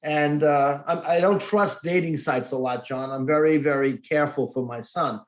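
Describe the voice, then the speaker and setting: A man's voice: fairly high pitch, moderate pace. A middle-aged man hosting a podcast, telling a personal story expressively and acting out the dialogue in it. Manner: expressive, acts out quoted dialogue. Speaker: podcast host. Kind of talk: casual interview storytelling. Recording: echoey room.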